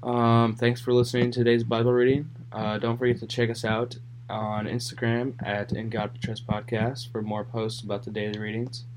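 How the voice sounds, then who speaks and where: A young man hosting a podcast who reads the Bible aloud and then recaps it casually, in a relaxed way with plenty of fillers. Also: mid-range voice, normal speed, slight background noise. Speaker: podcast host.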